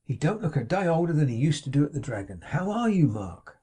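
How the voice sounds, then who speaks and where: A man's voice: on the high side, very animated, a little fast, warm tone, husky, voice pushed up. A man doing an overjoyed, flustered young man. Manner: eager, breathless exclamations. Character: excitable, kindly young man, warm and flustered.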